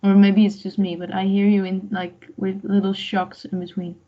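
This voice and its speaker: A woman's voice: mid-range voice, level tone, normal speed. A woman taking part in an online class, chatting in a friendly way. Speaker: class participant. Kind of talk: casual chat on a call. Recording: dull lo-fi call audio from far off.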